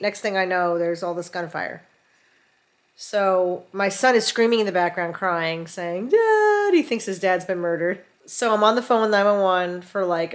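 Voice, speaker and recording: Woman, middle-aged, casual storytelling, animated, acts out quotes, recorded at home, mid pitch. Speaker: vlogger. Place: home in rural mountains.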